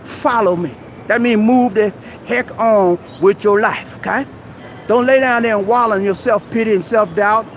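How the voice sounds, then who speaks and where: His voice strikingly high, a man hosts a live stream outside a busy mall, his tone steady and his speed normal. It's a preachy motivational advice rant peppered with "man," set against faint street and traffic noise.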